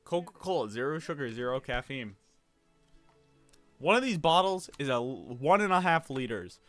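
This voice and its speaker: Young dude livestreaming, mid-pitch voice, cusses a lot, gets flustered fast, faint game music behind. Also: male voice, big pitch swings, fairly bright tone. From United States. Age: young adult. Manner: rambling, swearing, easily flustered, self-mocking. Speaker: streamer. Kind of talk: casual livestream chat while gaming.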